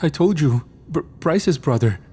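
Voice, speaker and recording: A man's voice: fairly high pitch, animated, measured pace, darkish tone, husky, pitched above the performer's own voice. A man voicing a frightened teenage boy who stutters and pleads, in a spoken horror story. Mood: nervous.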